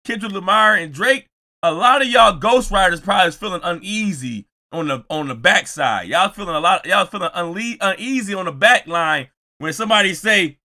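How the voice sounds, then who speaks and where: A man's voice: high voice, moderate pace. A man hosting a reaction video, talking casually and teasingly, raising his voice and exaggerating for effect. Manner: animated, teasing, shouts and exaggerates. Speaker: reaction channel host.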